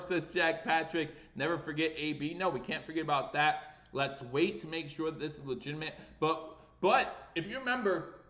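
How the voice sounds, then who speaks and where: Male live-stream sports host, chatty and excitable, reads chat aloud; pitch on the high side, echoey room. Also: highs cut off. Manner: excitable, reads viewer chat aloud, voice jumps up with breaking news. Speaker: livestream sports show host.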